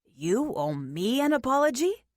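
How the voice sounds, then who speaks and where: An earnest, awkward young special agent, as a woman narrating an audiobook voices him, dropping a little lower than her usual voice. He sounds flustered and guarded, recorded close and dry. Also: very animated, measured pace, no room sound. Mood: wry. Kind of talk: audiobook character voice.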